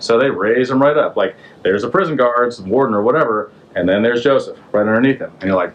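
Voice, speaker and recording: A man's voice: mid-range voice, quick pace, few pauses, rough recording. Male podcast host, mid-range voice, casual slangy storyteller. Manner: conversational, loose, slangy, asks the listener questions. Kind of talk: casual retelling of a Bible story.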